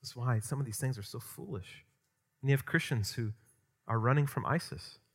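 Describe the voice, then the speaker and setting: A man preaching a sermon as pastor, emphatic and conversational, swinging from loud stressed points to quiet asides. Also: mid-range voice, normal speed, husky. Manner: conversational with asides and light humor.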